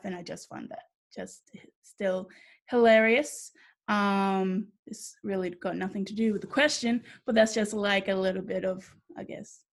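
Creaky-voiced woman hosting a casual chat. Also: medium pitch. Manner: relaxed, swears casually, asks the group questions. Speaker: host.

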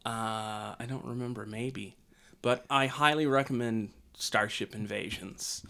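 A man in casual podcast chat, unhurried and meandering. He trails off and restarts with frequent hesitations, his voice sitting at an ordinary pitch. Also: steady tone, vocal fry, bright, forceful tone, slight background noise. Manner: rambling, hesitant with many ums. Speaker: podcast co-host.

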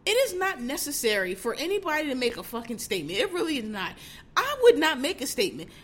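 A woman's voice: high voice, big pitch swings, fast. A woman hosting a casual commentary show, ranting bluntly with heavy swearing and exasperated mockery. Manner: mocks others in put-on voices.

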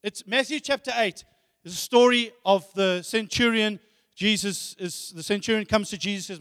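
A man preaches emphatically, repeating phrases and asking rhetorical questions. His voice sits very high and close to the mic, while a long hall reverb rings out around each phrase. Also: animated, moderate pace, sharp tone, smooth. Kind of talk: sermon.

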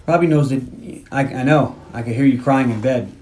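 A man retells a film scene by scene on a podcast. His voice sits in a medium range, and he slips into quick impressions of the characters as he goes, swearing freely along the way. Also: medium pitch, a little hiss or hum. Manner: animated retelling, acting out characters' lines, swears. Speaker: podcast host. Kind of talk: casual movie recap chat.

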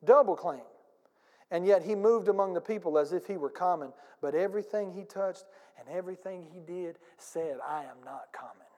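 A pastor preaching a sermon with emphatic delivery, calling on the congregation to repeat lines and acting out little scenes. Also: male voice, high-pitched, normal speed, a little mellow, in a large hall. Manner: emphatic preaching with audience call-and-response and acted-out anecdotes. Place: church sanctuary.

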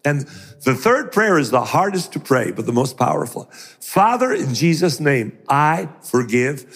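Animated preacher man with a lively voice. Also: a little high, in a large hall. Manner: animated, acts out voices in quotes. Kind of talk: sermon.

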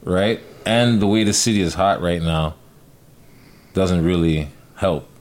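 A man with a somewhat low voice talking through his take on a rap song. He argues steadily and at length in relaxed podcast chat. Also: unhurried. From Canada. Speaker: podcast co-host. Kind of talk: casual chat about music.

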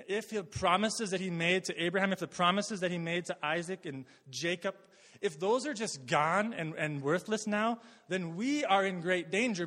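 A man's voice: high voice, sharp tone. Man preaching a sermon in a reverberant hall. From Canada. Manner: conversational preaching, frequent word repeats. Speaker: pastor.

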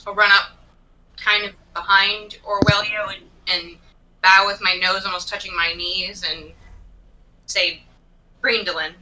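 A woman's voice: medium pitch, flat delivery, unhurried, pauses often, pushed and bright, far from the mic, a little hiss or hum, poor audio. A woman playing a tabletop game, speaking eagerly. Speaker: player. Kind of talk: tabletop game role-play.

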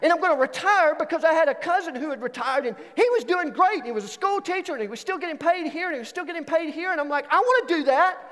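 High-voiced man preaching in a hall. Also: fast, few pauses. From Alabama. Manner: animated storytelling, swings into excited higher voice. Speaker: student pastor. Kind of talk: sermon. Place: church auditorium.

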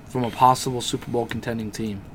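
A man co-hosting a podcast in casual banter, loud and excitable, swearing often. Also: medium pitch, fast talker, a little hiss or hum. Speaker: podcast co-host.

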